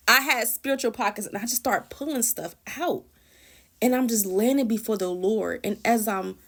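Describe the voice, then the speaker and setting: A woman with a gravelly, fry-tinged voice tells a personal testimony about prayer. She talks in an earnest, emotional, conversational way, often restarting and repeating her phrases. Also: medium pitch. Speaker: Christian encourager sharing a prayer testimony.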